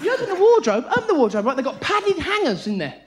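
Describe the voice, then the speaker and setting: Manic British comic, squeaky and frantic. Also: male voice, sing-song, fast. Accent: British English. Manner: manic, breathless delivery with frequent laughs and sudden high squeaky voices. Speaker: stand-up comedian. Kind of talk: live stand-up routine. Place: theatre stage before a live audience. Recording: live show recording, audience noise.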